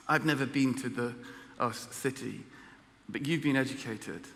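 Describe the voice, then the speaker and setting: Englishman, testimony talk, humorous and halting, bright tone, long hall reverb. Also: mid-range voice, vocal fry. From England. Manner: storytelling, self-deprecating humor, halting restarts. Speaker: guest speaker.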